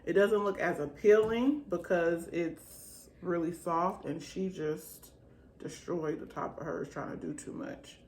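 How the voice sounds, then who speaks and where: Laid-back mom chatting behind the camera, lowish voice, kinda roomy kitchen sound w a little hiss. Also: female voice, a little slow. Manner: relaxed, chatty, colloquial, teasing with her kids. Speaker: mother and home-schooling parent filming her kids. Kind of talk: casual home vlog chat. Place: home kitchen. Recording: roomy with faint background noise.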